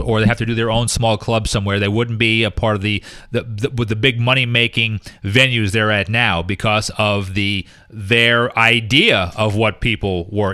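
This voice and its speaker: A man's voice: mid-range voice, bright, forceful tone, dry recording, clean studio sound. A man talking as a guest on a casual chat show, ranting emphatically and acting out quotes.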